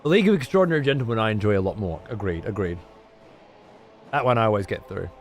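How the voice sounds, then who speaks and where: A man's voice: on the low side, lively intonation, fast, faint music behind. Profane, blunt male streamer. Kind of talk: casual chat with a live stream audience.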